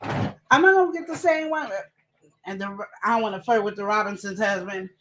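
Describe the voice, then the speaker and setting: A woman co-hosting a live relationship advice show, chatting casually and fast, full of energy. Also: medium pitch. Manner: chatty, animated, talks fast and laughs.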